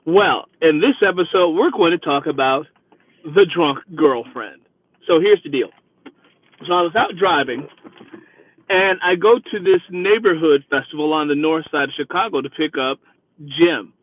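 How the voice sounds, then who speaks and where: A man who drives for a rideshare service, hosting his vlog and retelling a ride in a chatty, animated way. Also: a little high, moderate pace. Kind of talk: casual storytelling. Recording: dry, phone-like lo-fi sound.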